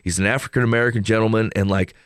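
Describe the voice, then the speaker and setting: A man co-hosting a casual faith podcast, telling stories in a rambling, animated way with many restarts. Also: lowish voice, rapid-fire, dry recording, studio quality. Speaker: podcast co-host.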